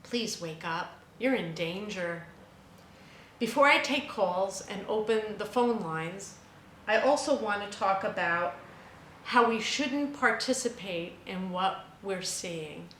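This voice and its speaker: A woman's voice: medium pitch, lively intonation, slow pace, a bit bright, roomy sound, a little hiss or hum, low-quality recording. A woman hosting a spiritual radio show, speaking in an emphatic, impassioned monologue that rises to fervent peaks. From United States.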